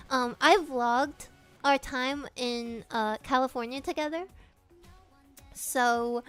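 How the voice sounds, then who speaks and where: A young woman streamer chatting casually with her viewers, giggling often, swearing freely and reading their questions aloud. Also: sits high. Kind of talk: casual live-stream chat.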